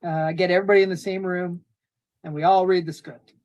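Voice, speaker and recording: Lively woman filmmaker, lowish voice. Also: fast, lo-fi sound. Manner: animated, acts out quotes in high voices. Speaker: filmmaker guest. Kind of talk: casual interview chat.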